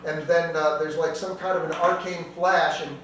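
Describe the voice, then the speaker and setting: A man's voice: on the high side, fairly even intonation, moderate pace, highs cut off. A man narrating as a tabletop game master, rambling and heavy on fillers, recorded from a distance in an echoey room with a faint hum.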